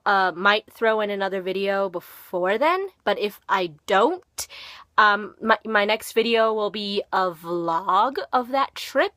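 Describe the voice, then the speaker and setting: Bright-voiced teen girl with faint Minnesotan accent. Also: medium pitch, dry recording. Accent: slight Minnesotan. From Minnesota, USA. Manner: rambling, filler-heavy, chatty. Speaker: vlogger. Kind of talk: casual talking-to-camera vlog.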